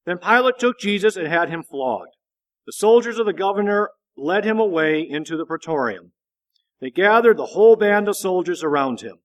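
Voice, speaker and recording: Man reading scripture, slightly high voice. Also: expressive, moderate pace. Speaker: scripture reader.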